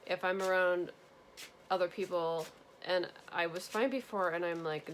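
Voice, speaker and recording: Earnest, low-voiced woman giving a tarot reading. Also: normal speed, slight background noise. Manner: gentle, earnest, repetitive reassurance. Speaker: tarot reader. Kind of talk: spiritual tarot reading to viewers.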